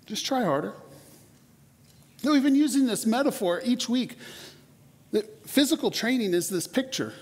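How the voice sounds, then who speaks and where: A man in his forties preaching a sermon in a church, conversational and animated, often repeating words as he starts a sentence. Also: very high voice, moderate pace, pauses often. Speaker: pastor. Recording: long hall reverb.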